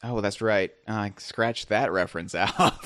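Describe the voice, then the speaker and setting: A male podcast host chatting casually, rambling through jokes with many fillers. His pitch moves in an animated way, and the sound is dry and close. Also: no echo. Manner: jokey, rambling, filler-heavy.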